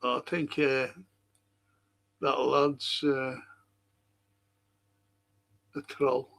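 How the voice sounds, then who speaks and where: A man's voice: mid-range voice, little pitch movement, extremely slow, gravelly, a bit bright. A man hosting a live football watch-along stream, reading out chat messages and ranting bluntly with heavy swearing.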